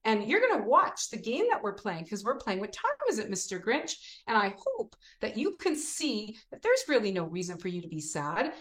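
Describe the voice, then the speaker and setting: Expressive woman teacher in echoey room. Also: medium pitch, moderate pace, few pauses. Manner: expressive, acts out classroom examples, frequent "right?". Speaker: teacher and children's program creator. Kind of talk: animated interview talk.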